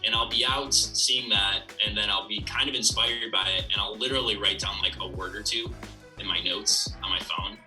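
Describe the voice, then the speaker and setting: A man's voice: on the low side, fairly even intonation, moderate pace, pushed and bright, recorded from a distance, faint music behind, rough recording. A man being interviewed about his comedy, talking in a rambling, reflective way with lots of fillers. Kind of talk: casual interview talk.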